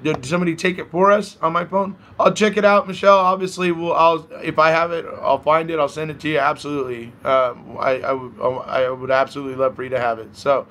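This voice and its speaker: A hoarse man hosting a casual live stream, chatting, reading viewer comments aloud and laughing often. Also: on the high side, little pitch movement, fast talker, few pauses, fairly bright tone, a little hiss or hum. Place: at home by a balcony.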